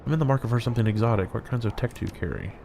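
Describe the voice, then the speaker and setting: A man's voice: mid-range voice, very fast, gravelly, mellow, a little hiss or hum, close to an everyday voice. A man voicing an impatient male player character in a video game, reading the choices aloud curtly. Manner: plain read-aloud dialogue, curt.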